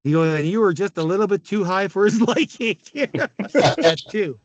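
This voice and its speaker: A raspy middle-aged man from Canada spins loud, laugh-filled stories as an interview guest. His voice sits high for a man and sounds dry and close. He swears freely. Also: moderate pace, no room sound, highs cut off. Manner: laughing often, swearing, animated anecdotes. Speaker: guest, former hockey player. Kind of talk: casual storytelling interview.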